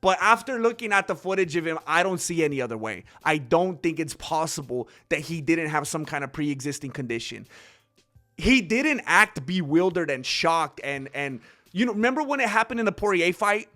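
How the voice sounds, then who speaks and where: A man hosting a casual commentary stream, rambling and animated, often acting out quotes. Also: on the high side, normal speed. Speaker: host.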